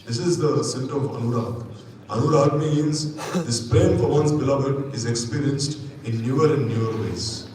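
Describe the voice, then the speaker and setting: A man's voice: medium pitch, normal speed. Man lecturing in an echoey hall. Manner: explains scripture at length, tag questions. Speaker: spiritual teacher. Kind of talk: scripture lecture. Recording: echoey hall from far off, faint noise.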